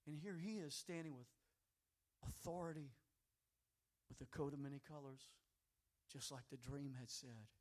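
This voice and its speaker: A male pastor preaching a sermon, telling a story quietly and then rising to loud, fervent exhortation. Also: mid-range voice, normal speed, long pauses.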